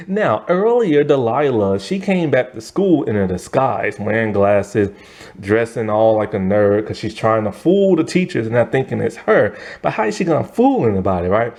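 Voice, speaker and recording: A man's voice: medium pitch, expressive, moderate pace, darkish tone. A man casually recapping a movie plot, laughing as he acts out the characters' lines. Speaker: movie reviewer.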